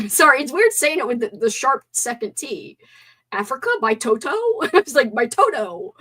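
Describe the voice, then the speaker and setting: A young woman hosting a casual live stream movie talk, animated, swearing and gasping as she reads out chat comments. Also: on the high side, normal speed.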